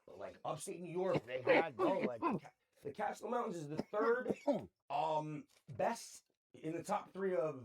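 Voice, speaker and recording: Excitable high-voiced man. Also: moderate pace, gravelly, a crowd in the background. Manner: excitable storyteller, heavy slang and swearing. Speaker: podcast co-host. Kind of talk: casual chat.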